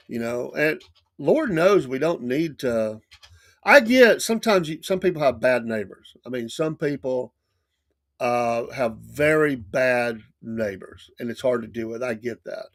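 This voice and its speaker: A middle-aged man hosting a morning show, telling stories in a casual, animated way with lots of restarts. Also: medium pitch, unhurried. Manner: animated, acts out quoted lines with laughs and restarts. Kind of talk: casual storytelling monologue.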